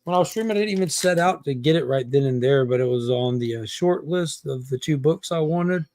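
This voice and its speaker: A man chats on a livestream and tells a con story with lively energy, slipping into voices for the people he quotes. His voice sits a little high for a man. The sound is close and dry, with no room around it. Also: a little fast, dry recording. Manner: animated, acts out quotes, haggling banter. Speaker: comic collector guest. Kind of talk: casual storytelling chat.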